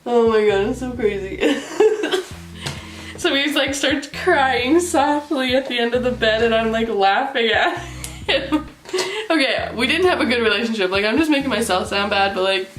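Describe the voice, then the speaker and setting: A young woman vlogger telling a story casually, animated and giggly, full of fillers. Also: a little high, moderate pace. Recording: roomy with faint music.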